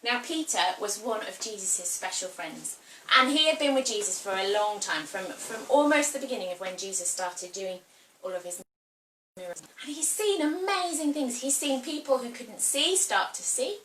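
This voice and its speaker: Animated woman telling a children's Bible story. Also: a little high, moderate pace, slight background noise. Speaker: children's church leader. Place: home room during lockdown. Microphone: camera some distance away. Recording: roomy, distant camera mic.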